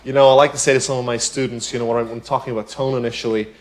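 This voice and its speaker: A man teaching piano in a relaxed tutorial, talking chattily, with many "you know" asides and rhetorical questions. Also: medium pitch, very fast. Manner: explains with everyday examples. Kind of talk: casual spoken tutorial.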